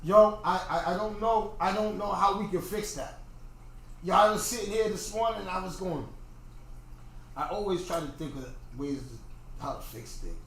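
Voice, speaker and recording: A man's voice: high voice, moderate pace, fairly bright tone. A middle-aged man hosting a podcast, ranting in a casual livestream monologue and often repeating himself. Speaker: podcast host. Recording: very echoey room, faint noise.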